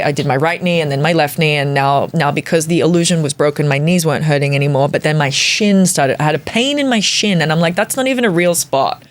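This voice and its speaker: Lower-voiced woman telling a comic story. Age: 40s. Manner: animated, comic, swears casually. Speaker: comedian guest. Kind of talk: casual podcast storytelling.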